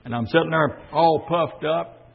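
An older man preaching a sermon on the air, swinging from fervent shouting to quiet, folksy storytelling. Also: on the high side, normal speed, vocal fry, slightly rough. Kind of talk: Pentecostal-style sermon on the air. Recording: dull lo-fi audio with long church reverb.

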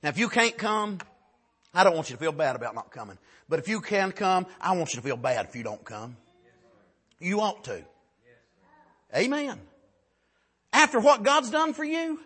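A man preaching a sermon with passion, dropping to a hush and then building to shouts, with a steady stream of "Amen.". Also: on the high side, normal speed, pauses often, slightly rough. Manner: impassioned, swings from hushed to shouting, frequent "Amen".

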